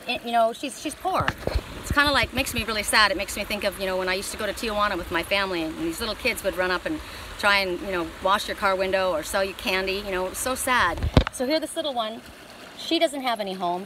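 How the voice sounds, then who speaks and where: A woman's voice: medium pitch, quick pace, background noise. A middle-aged woman giving a spiritual oracle card reading, talking in a rambling, heartfelt and emotional way.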